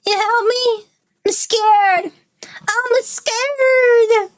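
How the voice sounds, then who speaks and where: A woman's voice: very high-pitched, measured pace, a bit bright, pitched above the performer's own voice. A woman voicing a frightened little girl in a horror game, tearful and panicky. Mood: panicked. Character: scared little girl whose father was killed.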